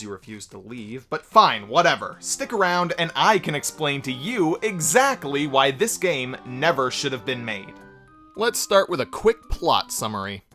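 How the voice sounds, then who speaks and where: A man reviews a video game with heavy sarcasm and theatrical outrage. His pitch swings widely as he talks, and his tone is bright and forceful. Faint music plays behind him. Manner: sarcastic, with exaggerated mock-dismayed outbursts. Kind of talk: comedic scripted review narration.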